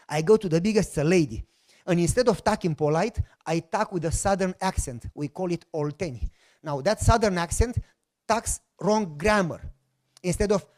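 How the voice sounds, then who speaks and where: A middle-aged pastor from Romania, speaking English with a Romanian accent in a fairly high voice. He tells his testimony as an animated story and acts out the voices of the people in it. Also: normal speed.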